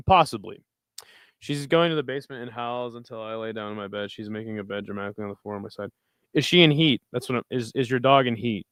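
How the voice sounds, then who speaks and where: A man's voice: mid-range voice, a bit bright, clean tone, no room sound. A man hosting a casual livestream of fight picks, reading live chat and talking in a loose, rambling, profane way.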